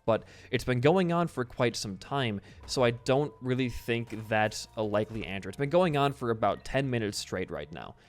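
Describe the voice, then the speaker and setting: A young adult man talking through a video game while telling a story, in a chatty, rambling way with casual swearing. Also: medium pitch. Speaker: gaming video host. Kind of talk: casual let's-play commentary mixed with storytelling.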